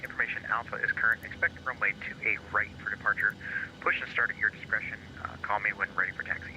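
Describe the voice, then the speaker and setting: A man doing an air traffic controller reads out clearances in a measured, procedural way. The voice is low and strikingly bright, and it comes through a dull, muffled radio-style sound. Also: steady tone. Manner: slow radio phraseology with hesitant fillers.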